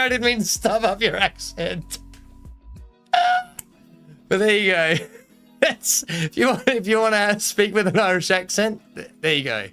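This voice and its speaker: A young Australian man streaming a game live, his voice bright and sharp and pitched a touch high. He rambles and jokes with his chat, laughing often, while faint music plays behind him. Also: lively intonation, measured pace, long pauses. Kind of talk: casual live-stream chat over gameplay.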